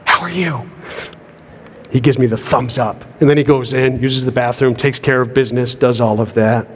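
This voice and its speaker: A man's voice: mid-range voice, little pitch movement, brisk, a little mellow, a little hiss or hum. A middle-aged man preaching a sermon in an earnest manner, often repeating words as he builds a point, heard in a church sanctuary. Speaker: pastor. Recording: long hall reverb.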